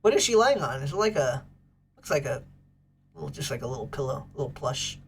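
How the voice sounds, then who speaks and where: Woman livestream host, casual and bubbly, with a very lively pitch. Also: fast, creaky, slight background noise. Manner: bubbly, gushes over pets and thanks chat.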